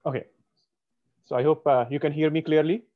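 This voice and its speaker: A man's voice: a little high, steady tone, brisk. Polite, hesitant man on dull call audio. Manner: polite, hesitant, many fillers. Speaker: program host. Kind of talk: interview hosting.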